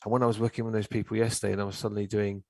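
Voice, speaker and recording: A middle-aged man telling stories in casual chat, animated and swearing freely. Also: fairly low pitch, very fast, no room sound. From England. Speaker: guest, therapist.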